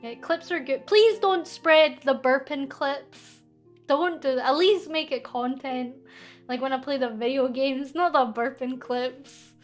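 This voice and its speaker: High-voiced Scottish woman streamer. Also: unhurried, soft background music. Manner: chatty, giggly, reads viewer comments aloud. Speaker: VTuber streamer. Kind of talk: casual Q&A stream chat.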